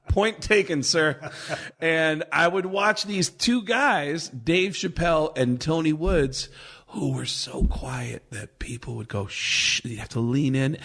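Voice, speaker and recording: A man in his forties, a comedian guest, telling animated stories and acting out the quotes. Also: a little high, slow, gravelly. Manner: animated anecdotes, acts out quotes. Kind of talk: casual storytelling.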